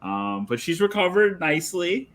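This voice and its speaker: Lively, sing-song man chatting. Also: high-pitched, moderate pace. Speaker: podcast co-host. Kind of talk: casual comedy chat.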